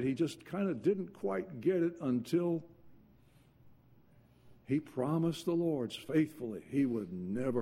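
A man preaching a sermon earnestly, dropping to quiet intensity and then rising into urgent passages. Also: medium pitch, gravelly, slightly rough.

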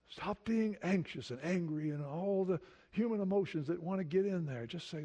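Man preaching, fairly high voice, goes quiet then gets emphatic. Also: very animated, fairly quick, slightly rough. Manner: earnest preaching, swings from hushed to emphatic. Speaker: pastor. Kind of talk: sermon.

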